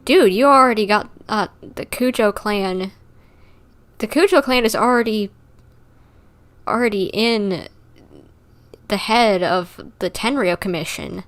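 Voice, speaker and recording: A woman's voice: mid-range voice, a little slow, long pauses, a bit bright. A woman streamer giving casual, chatty live commentary over a game, with lots of fillers and laughter.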